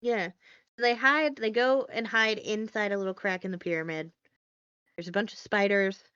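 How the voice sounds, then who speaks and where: A woman podcast host walks her friends through a movie plot in a loose, rambling way, with plenty of fillers and wry asides. Her voice is smooth and clear. The recording is dry and slightly dull, like a lo-fi home podcast mic. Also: mid-range voice, fairly even intonation, moderate pace, fairly bright tone, dry recording. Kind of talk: casual movie recap.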